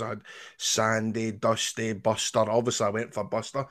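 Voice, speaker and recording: Bright-voiced Scottish man telling stories. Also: fairly low pitch, fast talker. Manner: swearing storyteller. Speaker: podcast co-host. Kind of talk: casual chat.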